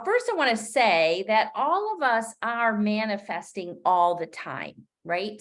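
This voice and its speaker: A woman's voice: mid-range voice, fairly bright tone. A middle-aged woman giving a live-streamed coaching talk. She is chatty and upbeat, speaks loosely and off the cuff, and laughs at her own slips. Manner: loose and unscripted, with frequent fillers and restarts. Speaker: business coach.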